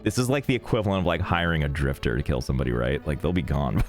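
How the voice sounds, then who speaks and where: Joking, animated male gaming streamer. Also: a bass voice, fast, hardly any pauses, soft background music. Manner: joking, rambling, irreverent, swears freely. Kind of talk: casual live-stream banter while gaming.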